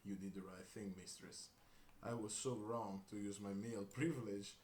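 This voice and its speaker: Groveling timid servant, low and quiet, read by a man, roomy room. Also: steady tone, moderate pace, natural voice. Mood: meek. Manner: meek, apologetic, subdued. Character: meek humiliated older man servant. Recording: roomy room with faint hiss.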